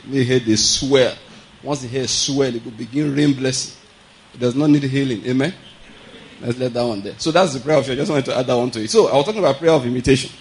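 A man's voice: mid-range voice, darkish tone, a little hiss or hum, poor audio. A man giving a conversational sermon, laughing often and asking his listeners whether they follow. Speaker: preacher.

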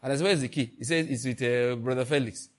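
A pastor with a medium-pitched voice preaches a sermon to his congregation at a fast clip. Along the way he acts out little dialogues and laughs.

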